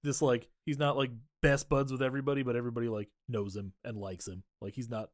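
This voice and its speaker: A man in the middle of his range, talking through a movie plot in a loose, profane podcast chat. He keeps slipping into quick quoted lines from the characters. The sound is dry and close, with no room around it. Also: medium pitch, dry recording. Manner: profane, animated retelling with quoted voices. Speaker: podcast co-host. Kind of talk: casual movie-recap chat.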